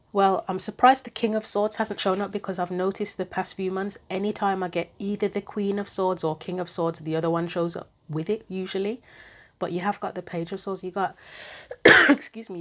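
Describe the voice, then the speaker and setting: A woman with a lowish voice giving a casual tarot reading. She muses aloud in chatty asides and reads card guidance aloud from a book. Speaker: tarot reader.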